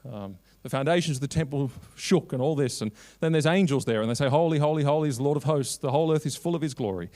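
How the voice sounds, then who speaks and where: A man giving a preached keynote at a conference, quoting scripture and building long repeated lists, swinging between raised, urgent lines and low, quiet asides. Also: fast, hardly any pauses. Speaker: Christian lobby director giving a keynote.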